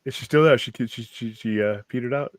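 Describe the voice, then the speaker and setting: A man's voice: medium pitch, a little fast. A man hosting a casual live stream, joking, rambling and laughing often. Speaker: host.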